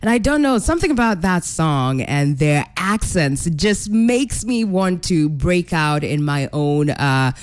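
A woman's voice: sits low, big pitch swings, a little slow, hardly any pauses, no room sound. A woman radio DJ chatting casually on air, giggly and self-mocking. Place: radio studio.

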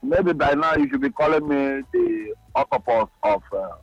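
A man's voice: fairly high pitch, huge pitch swings, normal speed, gravelly, no room sound, faint music behind. A man calling into a sports radio show, boastful and playful with a sing-song delivery. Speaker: radio caller. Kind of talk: casual call-in chat. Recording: dull, dry phone-in line.

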